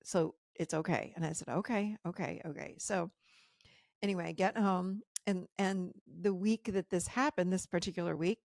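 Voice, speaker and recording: A woman hosting a podcast, telling a personal story in an animated way, her voice jumping high when she quotes her own shock. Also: moderate pace, gravelly, no room sound, clean studio sound. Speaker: podcast host.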